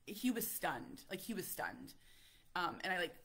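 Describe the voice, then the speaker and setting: A woman in her thirties, a parent vlogger telling a story in casual, animated chat, full of fillers and acted-out quotes. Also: lowish voice, measured pace, gravelly, breathy edge. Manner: animated, chatty, many fillers, acts out quotes.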